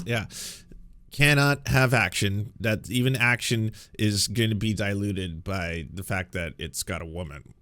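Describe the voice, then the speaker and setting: A man's voice: on the low side, a bit bright, no echo. A man hosting reaction commentary, mocking and sarcastic, laughing often. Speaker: commentary host.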